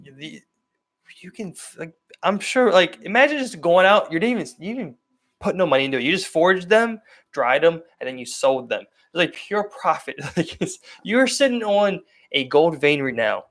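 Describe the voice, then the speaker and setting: A man with a Baltimore accent and a slightly raised pitch chats loosely on a podcast. He restarts his thoughts and runs on in quick bursts with a relaxed, unscripted feel. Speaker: podcast co-host. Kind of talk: casual chat.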